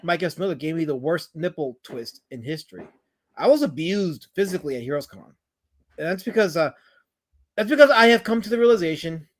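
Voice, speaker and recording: A man hosting a casual livestream. He rambles, jokes, swears and reads viewers' comments aloud, and he sounds tired. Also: a little high. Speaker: livestream host.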